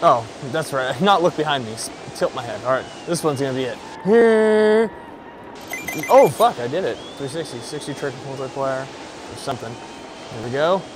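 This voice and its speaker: A young man giving casual, excitable commentary as he plays a VR game, joking, swearing and yelling at the game. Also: mid-range voice, moderate pace, noisy background. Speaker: gaming YouTuber.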